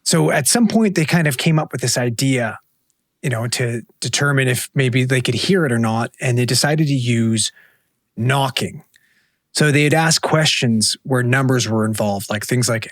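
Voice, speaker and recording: A man's voice: medium pitch, normal speed, no room sound, studio quality. A man co-hosting a podcast, casually retelling a ghost story and swearing now and then. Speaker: podcast co-host.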